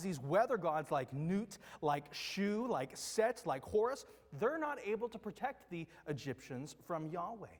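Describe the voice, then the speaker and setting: A man delivers a sermon in a high, lively voice that rises and falls a lot. He teaches with rhetorical questions and slips into quoted voices. The sound carries a long hall reverb. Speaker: pastor.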